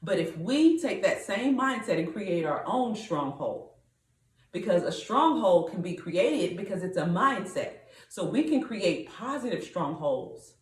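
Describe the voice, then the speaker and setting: A woman's voice: medium pitch, very animated, a little slow, echoey room, far from the mic, low-quality recording. A woman hosting a podcast, delivering a preachy, rallying monologue to her listeners and sometimes breaking into song. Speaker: podcast host.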